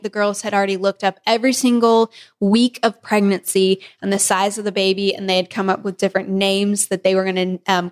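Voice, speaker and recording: A pregnant woman co-hosting a podcast, telling a story in a casual, animated way with frequent laughs. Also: medium pitch, clear, resonant tone. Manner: animated, laughing often, acting out family members' lines. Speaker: podcast co-host.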